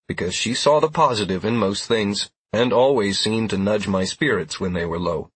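Man, audiobook narration, first person, steady, low voice, husky. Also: no echo.

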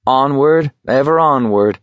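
A man reading a hard-edged teenage boy who talks bluntly and wryly to steady his friend. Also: mid-range voice, unhurried, no room sound, highs cut off, voice pushed up, close to an everyday voice. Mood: coaxing. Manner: blunt, coaxing, sardonic.

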